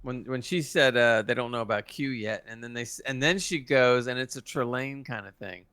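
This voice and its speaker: A man's voice: mid-range voice, moderate pace, pushed and bright, clean tone, no echo. A man hosting a casual podcast review, explaining lore with a keen fan's enthusiasm. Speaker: podcast host.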